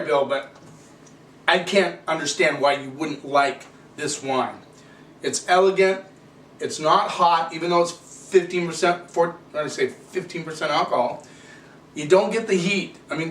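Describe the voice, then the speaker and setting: Chatty, opinionated male wine reviewer, slightly high voice, caught by a distant camera mic in an echoey room with faint hiss. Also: fairly bright tone. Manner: opinionated, chatty, rants with rhetorical questions.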